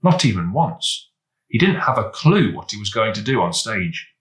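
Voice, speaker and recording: A man reading a children's storybook aloud, lively and expressive as he goes. His voice is low yet bright and forceful. The sound carries in a roomy, echoey space. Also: normal speed.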